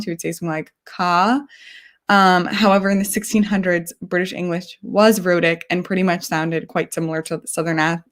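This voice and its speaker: Woman from New York, lowish voice, chatty live online presenter. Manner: chatty, explanatory, with frequent pauses. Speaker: guest presenter.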